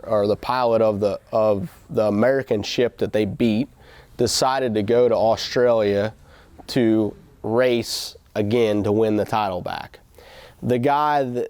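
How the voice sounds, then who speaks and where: A man's voice: fairly low pitch, mellow, dry recording. A man hosting a casual motivational talk, telling a story in a rambling way with restarts and quoted asides. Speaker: host.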